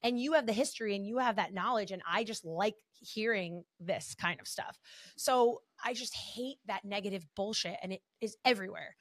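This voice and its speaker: A woman's voice: medium pitch, normal speed, no room sound. A young woman hosting a podcast, chatting bluntly and swearing freely. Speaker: podcast host. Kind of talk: casual podcast chat.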